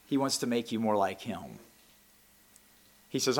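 A man preaching a sermon, reading scripture aloud and rising to loud, impassioned peaks. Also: medium pitch, animated, measured pace, pauses often. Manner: reads scripture aloud in King James wording. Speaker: pastor.

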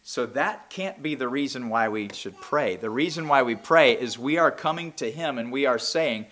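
A man preaching a sermon, swinging between impassioned near-shouts and low, quiet asides. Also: expressive, a little fast, hardly any pauses.

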